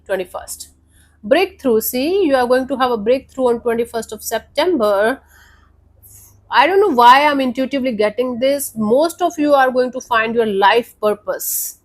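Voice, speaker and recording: A woman giving a casual weekly tarot reading, talking directly to the viewer in a reassuring, conversational way with frequent fillers. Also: on the high side. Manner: warm, reassuring, addresses viewer as honey. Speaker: tarot reader.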